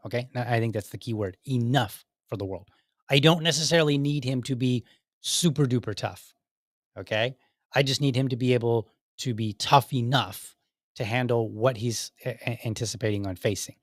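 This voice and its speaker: A man's voice: mid-range voice, brisk, no echo, studio quality. A man in his thirties hosting a solo talk show, speaking in a conversational way with frequent restarts and asides. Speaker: podcast host.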